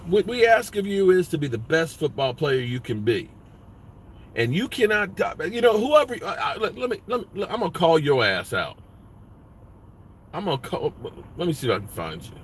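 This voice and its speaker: A man's voice: a little high, big pitch swings, normal speed, slight background noise. A man hosting a sports vlog, ranting bluntly with lots of profanity. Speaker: sports vlogger.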